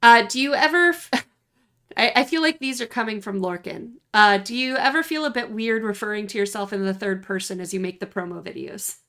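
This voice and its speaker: A woman's voice: a little high, fairly quick, a bit bright. A woman hosting a casual interview, reading out viewer questions and laughing often. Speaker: host.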